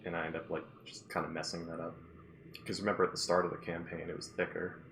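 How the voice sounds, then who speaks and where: Deep gravelly game master. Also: male voice, flat delivery, quick pace, a bit bright, slight background noise. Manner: rambling, self-deprecating. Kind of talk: casual game-table chat.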